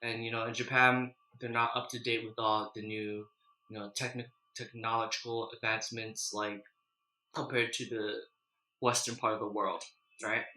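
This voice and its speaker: A man casually chatting while eating spicy noodles, clearing his throat and sniffling, then recapping an anime in a loose, rambling way. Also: on the low side, flat delivery, normal speed, bright, forceful tone, echoey room, low-quality recording. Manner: chatty, loose, with frequent restarts and "you know". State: runny nose from spicy food, clearing throat. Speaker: mukbang vlogger.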